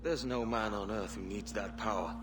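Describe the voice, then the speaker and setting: A man's voice: lowish voice, moderate pace, music in the background, lightly acted. A man voicing a defiant pirate captain. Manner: firm, earnest, confrontational. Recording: noisy game audio.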